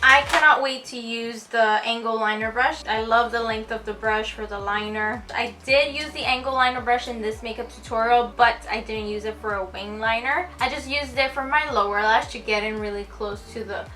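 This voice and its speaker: A woman's voice: a little high, steady tone, moderate pace, hardly any pauses, sharp tone. A woman beauty vlogger chatting casually through a product unboxing, gushing and giggling as she goes.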